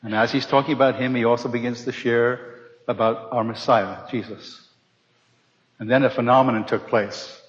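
A middle-aged man telling a personal testimony to a live audience, animated and acting out the voices of the people in his story. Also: medium pitch, normal speed. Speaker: speaker giving a personal testimony. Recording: dull recording in a large reverberant hall.

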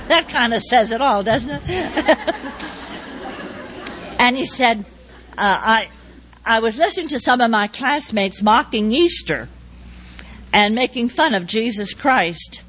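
An older woman giving a speech, telling a personal story and acting out the dialogue in a measured way. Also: fairly high pitch, fairly bright tone, poor audio. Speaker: speaker.

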